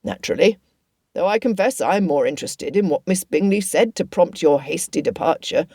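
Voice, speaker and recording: A woman's voice: on the low side, lively intonation, normal speed, dark tone, no echo. A woman reading an audiobook voices a wry older father, speaking mildly and sardonically. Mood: dry. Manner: mild, dry, sardonic. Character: dry, wry older father behind a newspaper.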